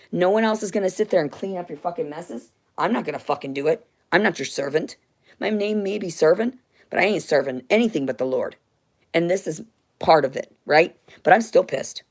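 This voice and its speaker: A woman ranting angrily on a livestream in a dim house, swearing and agitated, with sudden loud outbursts into a phone. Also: fairly low pitch. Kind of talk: angry livestream rant.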